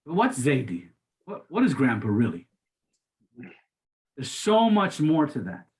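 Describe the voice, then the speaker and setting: Older male teacher, conversational lecture, stumbles and restarts, slightly high voice. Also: huge pitch swings, measured pace. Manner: informal, frequent restarts and repeated words.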